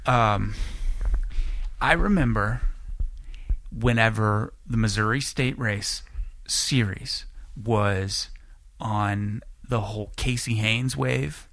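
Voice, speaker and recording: A man in his late twenties spins a meandering story in a casual podcast conversation. He curses freely and keeps circling back with restarts. His voice is bright and forceful, and the room is close and dry. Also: lowish voice, takes it slowly, long pauses, no room sound. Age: late 20s. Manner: rambling, profane, animated when acting out quotes. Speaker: podcast guest.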